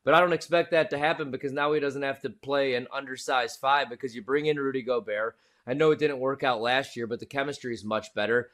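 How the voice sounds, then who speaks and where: A man's voice: mid-range voice, steady tone, a little fast, hardly any pauses, a bit bright. Opinionated man in casual sports chat. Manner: opinionated, emphatic, laid-back slang. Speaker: sports betting show co-host.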